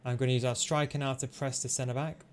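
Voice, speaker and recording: A man giving fast, analytical play-by-play commentary over his own football video game match, explaining tactics with frequent fillers. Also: mid-range voice, level tone. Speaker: gaming tutorial host. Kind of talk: gameplay commentary.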